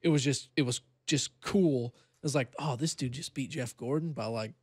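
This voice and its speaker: A young man in his twenties talks as a podcast co-host, relaxed and a little halting. His voice sits at a middle pitch and sounds dry and close to the mic. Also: husky, no echo. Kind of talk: casual chat.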